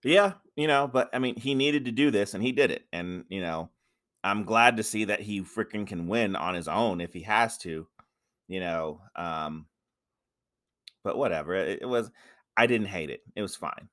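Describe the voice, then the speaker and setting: Profane ranting man, bright voice. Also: lowish voice, normal speed. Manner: ranting, profane, repeats himself. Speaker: podcast co-host. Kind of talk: casual wrestling chat.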